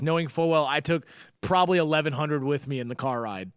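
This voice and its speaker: A man hosting a casual podcast, talking in a rambling, jokey way with quick asides. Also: on the high side, smooth, no room sound, studio quality. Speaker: podcast host.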